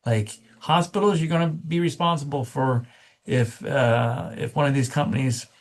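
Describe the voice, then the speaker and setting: A man in a committee meeting speaks casually and states his views with emphasis. His voice is mid-pitched. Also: normal speed. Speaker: committee member. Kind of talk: meeting discussion.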